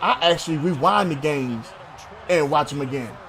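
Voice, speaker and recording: A man's voice: fairly high pitch, normal speed, a bit bright, slight background noise. A man hosting a sports talk show, arguing heatedly with a co-host, swearing and calling him bruh.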